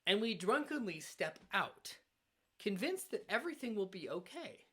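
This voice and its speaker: A male minister giving a sermon at a church, earnest and measured, with dramatic pauses. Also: high voice, sing-song, bright, forceful tone. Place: church sanctuary.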